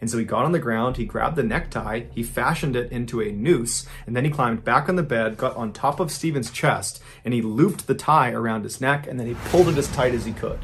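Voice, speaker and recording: A man hosts a true-crime storytelling podcast, recounting events in a relaxed, conversational manner. His voice sits at an ordinary middle pitch, and he steadily builds suspense as he goes. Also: brisk, few pauses, breathy edge. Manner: casual, conversational retelling with dramatic build. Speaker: podcast host.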